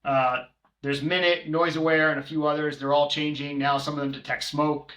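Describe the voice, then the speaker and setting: A man's voice: a little high, flat delivery, moderate pace, fairly bright tone. A man co-hosting a podcast, talking casually with many filler ums as he runs through tools and prices. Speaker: co-host, short-term rental manager. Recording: roomy echo.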